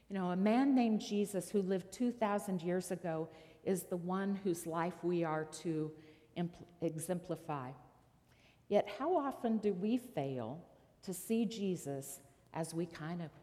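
A woman's voice: mid-range voice, dark tone, in a large hall. A woman preacher giving a sermon, telling a story and asking the listeners rhetorical questions.

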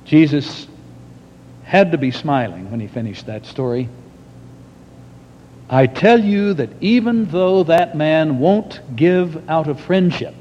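Slow, dramatic preacher in echoing hall. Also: male voice, a little mellow. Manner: slow and dramatic, long pauses. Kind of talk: storytelling sermon. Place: church hall with audience. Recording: long hall reverb, dull lo-fi, faint rumble.

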